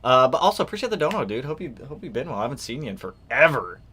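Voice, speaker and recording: A young man hosting a casual live stream, greeting viewers by name and reading out their comments in a relaxed way. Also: mid-range voice, racing, husky. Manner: laid-back, greets chat by name, reads comments aloud. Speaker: livestream host. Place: garage workshop, indoors.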